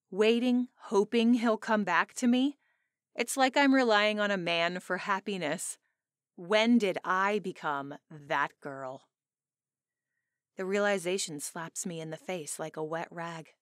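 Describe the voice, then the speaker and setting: A woman's voice: medium pitch, no room sound. A woman with a mid-range voice reads a first-person romance audiobook. She tells it with emotion and expression. The studio sound is close and dry. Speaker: audiobook narrator.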